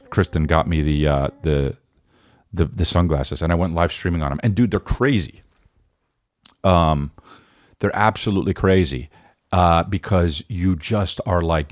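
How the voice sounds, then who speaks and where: A man in his forties hosts a casual solo podcast in a low voice that sounds sore and worn. He rambles, restarting often and tacking on lots of "right?" tag questions, in a dry, studio-quality recording.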